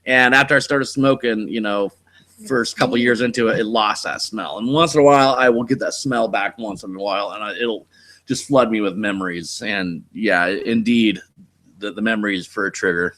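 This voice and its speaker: A lowish, fairly bright voice at a moderate pace belongs to a Californian channel host on a casual live stream. Using a desk mic, he tells rambling, laid-back stories and swears a lot.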